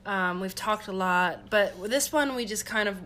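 A woman co-hosting a podcast, reacting with laughs and then wrapping up the episode in casual chat. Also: moderate pace. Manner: warm reactive listener, laughs easily, lively pitch. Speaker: podcast co-host.

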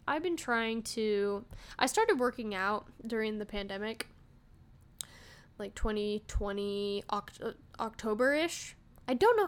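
A woman's voice: medium pitch, fairly bright tone. A woman in her thirties hosting a solo podcast, talking in a rambling, casual way with lots of "like" and restarts. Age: 30s. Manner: rambling, heavy use of "like", frequent restarts. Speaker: podcast host.

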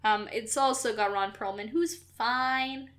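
Brief: woman podcast co-host, higher bright voice, opinionated casual talk. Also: a little slow. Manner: animated, opinionated, swears casually. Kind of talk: casual chat.

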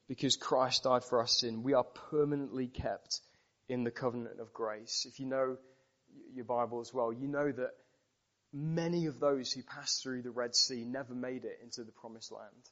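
A British male preacher delivering a sermon in an animated, storytelling manner. He leans on emphatic repetitions and sits at a middle pitch. The recording sounds dull and muffled.

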